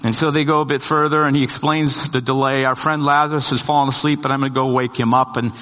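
A man's voice: flat delivery, quick pace, a bit bright. Male pastor telling a bible story, chatty, acts out the lines, reverby hall. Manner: conversational storytelling, restarts, voices the disciples' lines; rises in pitch and volume to emphatic peaks. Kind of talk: sermon.

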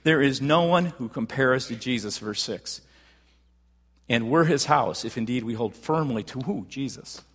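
A man preaching a sermon as pastor, talking conversationally with frequent restarts and rising to animated emphasis. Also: medium pitch, unhurried, husky, big-room sound.

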